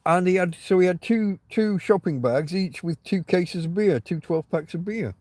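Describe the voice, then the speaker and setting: This livestream host's voice sits high with a darkish tone, animated and at a moderate pace. Chatting casually outdoors on private land, he tells rambling, wry, profane stories, and the recording is dry.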